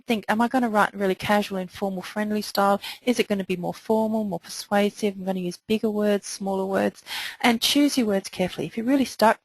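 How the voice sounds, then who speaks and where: A woman's voice: lowish voice, vocal fry, no room sound, rough recording. A woman presenting a training webinar, talking conversationally and asking her listeners a run of rhetorical questions.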